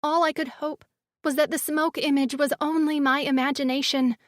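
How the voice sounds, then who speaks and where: A woman narrating a sci-fi romance audiobook in the first person, with measured, dramatic storytelling. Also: high-pitched, fairly even intonation, no echo, clean studio sound.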